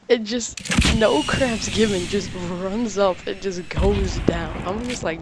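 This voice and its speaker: A teenage boy casually telling a story about his day, rambling with halting restarts and lots of "like". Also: sits high, background noise. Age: teens.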